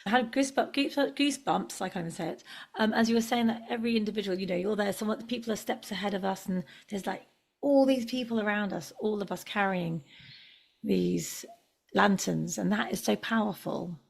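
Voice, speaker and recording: A woman hosting a spiritual interview, talking in a halting way with many restarts and fillers. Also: mid-range voice, creaky, darkish tone. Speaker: podcast host. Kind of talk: casual spiritual interview chat.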